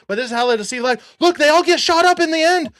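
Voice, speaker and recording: A man hosting a live talk show, excitedly breaking down theories, talking over himself and getting worked up to a yell. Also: very high voice. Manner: excitable, rapid, self-interrupting, gets worked up and yells. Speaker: show host. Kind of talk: excited conspiracy breakdown chat.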